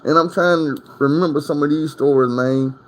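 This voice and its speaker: A man's voice: fairly high pitch, fairly even intonation, moderate pace, a little hiss or hum. A man from Arkansas, telling prison stories in a casual storytime monologue. His talk is profane and rambling, full of asides to the listener.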